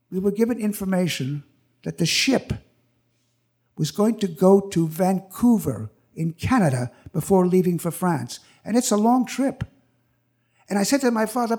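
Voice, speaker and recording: An older man recounts a memory on stage, his voice sitting high for a man. He tells it with animation, dropping into the voices of the people he quotes. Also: animated, measured pace, darkish tone, breathy edge. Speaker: storyteller. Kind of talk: live personal storytelling. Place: stage at a live event.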